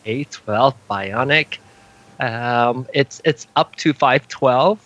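A man's voice: medium pitch, slow, fairly bright tone, muffled recording. A man co-hosting a casual tech chat, laughing often and restarting his sentences. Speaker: podcast co-host.

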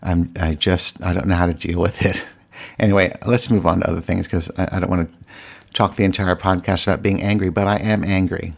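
A man with a very low voice and a rough, gravelly texture hosts his solo podcast on a desk mic. He talks candidly and with open exasperation, tripping into restarts and repeated words as he rambles on. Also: steady tone, fairly quick. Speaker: podcast host. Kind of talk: casual solo podcast monologue.

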